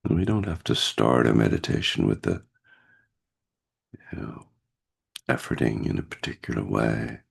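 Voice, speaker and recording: A man with a cold leading a guided meditation over a video call, speaking gently with pauses and fillers. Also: a bass voice, very animated, vocal fry, husky. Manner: slow, gentle, pausing guidance with fillers. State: has a cold, husky voice. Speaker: meditation teacher.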